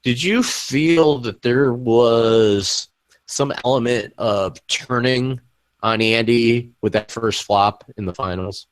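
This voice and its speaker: A man's voice: medium pitch, takes it slowly, clear, resonant tone. A man hosting a podcast who asks loose, joking questions full of fillers. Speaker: podcast host. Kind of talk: casual interview questions.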